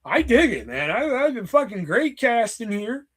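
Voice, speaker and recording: A man's voice: extremely high pitch, big pitch swings, moderate pace, a bit bright. A man hosting a casual movie chat, rambling with lots of swearing and fillers. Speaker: host.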